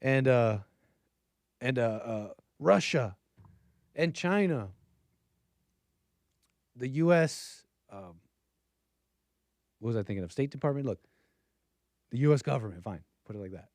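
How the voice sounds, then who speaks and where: A man hosting a political commentary livestream, rambling casually with fillers, restarts and quick chuckling asides. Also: medium pitch, expressive, a little mellow, no echo, studio quality.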